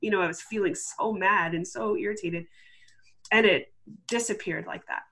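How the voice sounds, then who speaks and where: A woman's voice: medium pitch, normal speed, a bit bright, breathy edge. A woman guest telling a personal story in a casual, chatty way, full of "like" fillers and acting out what she once said. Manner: chatty, full of "like" fillers, acts out her own past words. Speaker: interview guest.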